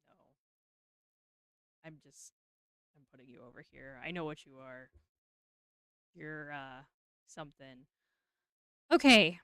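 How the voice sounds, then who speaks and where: Young woman, streamer, casual chat, lively pitch, slow unhurried pace, mumbled nervous asides, excited squeals. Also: smooth, no echo.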